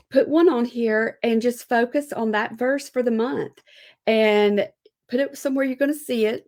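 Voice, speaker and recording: A woman's voice: a little high, darkish tone. Chatty middle-aged woman teaching art. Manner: friendly, chatty, showing items to camera. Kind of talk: casual live demonstration.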